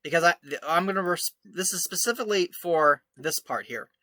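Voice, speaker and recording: A man's voice: on the high side, lively intonation, fairly quick, pushed and bright, no room sound. A man giving sarcastic commentary as he reads out screenshots, mocking and scornful, often laughing. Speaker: online commentator. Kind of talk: reading his own article aloud.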